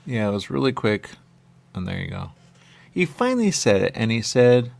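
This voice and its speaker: Radio host, male, gravelly low voice with lively swings, meandering chatter that circles back on itself. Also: normal speed. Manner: meandering, repeats catchphrases, acts out quoted voices. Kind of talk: rambling monologue.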